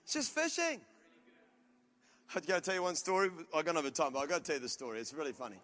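A man preaching a sermon as a pastor, telling loud, animated stories with comic outbursts. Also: fairly high pitch, fast, slight background noise.

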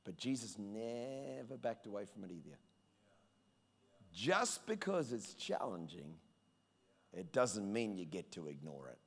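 A male pastor with a strikingly high voice delivers an emphatic sermon, pressing each point hard and at times shouting it out. His voice rings with the long echo of a big hall. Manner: emphatic preaching, rising to shouts. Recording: long reverb of a large hall.

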